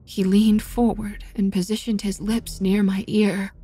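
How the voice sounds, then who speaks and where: A woman narrating a first-person horror story in a measured, dramatic storytelling manner. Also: medium pitch, little pitch movement, dark tone.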